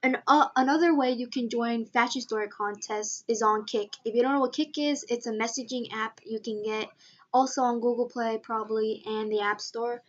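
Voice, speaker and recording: Teen girl vlogger, rambling and chatty, a bit high-pitched, muffled lo-fi audio. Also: fairly even intonation, normal speed. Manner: rambling, chatty, many fillers. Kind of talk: casual chat vlog.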